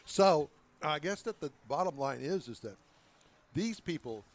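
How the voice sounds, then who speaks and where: Man, wisecracking co-host, teasing, fairly high voice. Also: animated, unhurried. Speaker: car show co-host. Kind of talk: casual joking chat.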